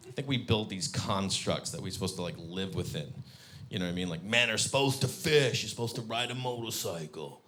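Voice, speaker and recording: A male stand-up comedian performing a set on stage, acting out characters with sudden high-pitched shouts. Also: lively intonation, a little fast. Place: comedy venue with audience.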